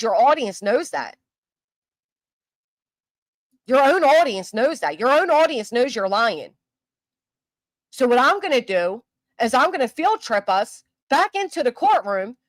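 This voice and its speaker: A woman's voice: fairly high pitch, no room sound, poor audio. A woman hosting her commentary channel, ranting in a heated, profane, scolding way. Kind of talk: angry commentary rant.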